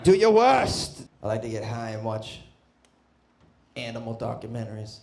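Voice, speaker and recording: A man doing a stand-up comedy set, brash and profane, bursting into loud shouts. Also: medium pitch, sing-song, moderate pace, gravelly. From Boston. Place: comedy club stage.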